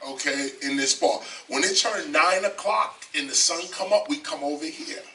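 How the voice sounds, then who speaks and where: A slightly high, pushed and bright voice belongs to an older man from the South Bronx, New York, a rapper and teacher telling his life story in an interview at a moderate pace. His animated storytelling is emphatic, full of repeated phrases and the question "okay?". He is recorded indoors in a library on a distant mic, with faint background noise.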